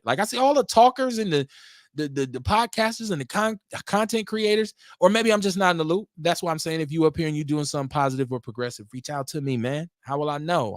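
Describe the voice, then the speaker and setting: A middle-aged man talks at length on his own podcast, drifting loosely from one subject to the next. His voice sits at an average pitch but jumps up often as he gets going. The sound is dry and close, with no room around it. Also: no room sound. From Milwaukee, USA. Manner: rambling, talkative, lively swings in pitch. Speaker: podcast host. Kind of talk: casual solo talk show.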